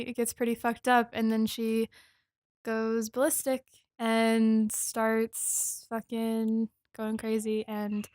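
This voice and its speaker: Young woman, slow even delivery, hesitant with lots of ums, dry close sound. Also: on the high side, dry recording. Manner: hesitant, many fillers. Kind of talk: casual movie chat.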